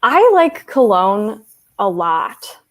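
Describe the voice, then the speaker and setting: A young woman reading her livestream's live chat speaks very slowly in a sing-song, slightly bright voice of medium pitch. She's giggly and chatty, rambling with many "like"s.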